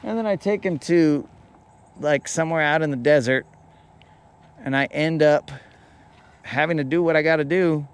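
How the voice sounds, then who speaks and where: A man hosting a fishing show rambles through a playful, made-up story in casual slang. His voice sits a little high for a man and stays loose and chatty. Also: normal speed, long pauses, clear, resonant tone. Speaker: fishing podcast host.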